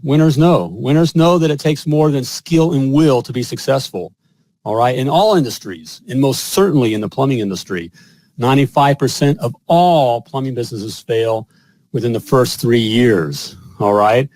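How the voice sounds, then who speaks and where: A man's voice: medium pitch, moderate pace, darkish tone, no room sound. A man hosting a live plumbing show, chatting with a guest and reading ads in a salesy, upbeat patter full of "all right?". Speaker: podcast host and plumbing business coach. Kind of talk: casual live-stream chat and ad read.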